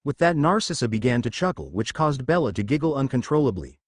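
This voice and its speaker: Man reading a story with lively pitch. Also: fast, dry recording, studio quality. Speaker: narrator. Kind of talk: fan fiction story reading.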